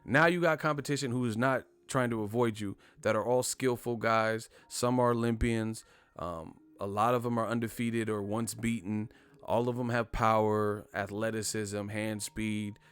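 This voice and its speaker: A man's voice: lowish voice, moderate pace, clear, resonant tone. A man hosting a boxing channel, ranting in casual live-stream commentary with lots of slang and profanity. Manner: animated, profane, slangy rant.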